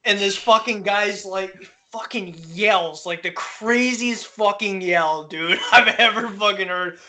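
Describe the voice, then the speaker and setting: A man's voice: high voice, slow. A man hosting a podcast, telling a story in casual chat, swearing freely and laughing often as he goes. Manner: profane, laughing, animated storyteller. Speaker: podcast host.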